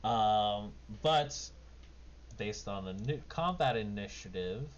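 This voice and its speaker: A man's voice: on the low side, lively intonation, slow. A man running a tabletop game as game master, narrating casually and rambling with lots of fillers. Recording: dull lo-fi mic with faint noise.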